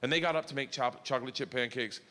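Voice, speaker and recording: Animated bright-voiced male storyteller. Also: fast. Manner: animated, acts out voices with big pitch jumps. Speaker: storyteller guest. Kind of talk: comedic storytelling. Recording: long reverb, faint noise.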